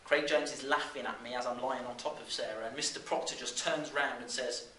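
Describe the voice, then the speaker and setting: A man in his thirties from the West Midlands tells a story to a live audience, animated and full of "um"s and restarts. His voice is bright and forceful, picked up from a distance in a reverberant room with faint background noise. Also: medium pitch, brisk. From West Midlands, England. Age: 30s. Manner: animated, with frequent fillers and restarts. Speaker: business speaker. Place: seminar room.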